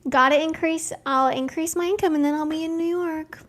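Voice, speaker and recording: A young woman hosting a casual live stream, reading out viewers' names and talking gently and affirmingly about dreams. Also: sits high, fairly even intonation. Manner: slow, gentle, spiritual and affirming.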